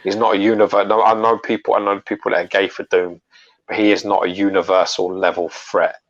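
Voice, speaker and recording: A man's voice: fairly low pitch, level tone, brisk, dull audio. A man co-hosting a casual chat about collectible statues, opinionated and profane, often restarting his sentences. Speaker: collectibles show co-host.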